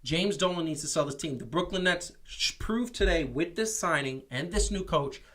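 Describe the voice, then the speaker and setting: A man co-hosting a casual sports talk show, animated and opinionated, often restarting his sentences. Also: a little high, moderate pace. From New York. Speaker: podcast co-host. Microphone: streamed show mic.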